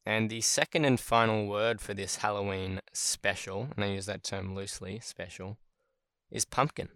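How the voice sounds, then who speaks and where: A man's voice: fairly low pitch, steady tone, normal speed, a bit bright, no room sound. A man hosting a solo podcast about word origins, chatting casually and thinking aloud as he goes. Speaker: podcast host.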